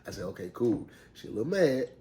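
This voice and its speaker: A man casually telling a story, laid-back, quoting himself softly. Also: fairly low pitch, sing-song, quick pace. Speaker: vlogger, groom-to-be.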